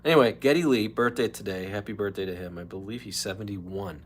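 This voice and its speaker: A man's voice: fairly low pitch, a little fast, a little hiss or hum. A man hosting a casual solo live stream, chatting in a rambling way and dropping into mock whispers and voices.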